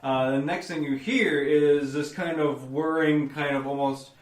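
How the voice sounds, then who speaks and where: A man's voice: fairly high pitch, steady tone, unhurried, reverberant, far from the mic. A man narrating as game master, rambling and correcting himself as he describes the scene. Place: theater stage.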